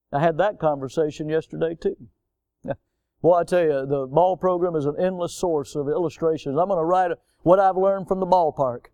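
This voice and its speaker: An older man delivers a sermon with a notably high voice, pressing his points through homespun stories and pointed rhetorical questions. The sound is dry and close, with no room around him. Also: dark tone, clear, resonant tone, dry recording. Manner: emphatic, folksy preaching with stories and rhetorical questions. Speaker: pastor.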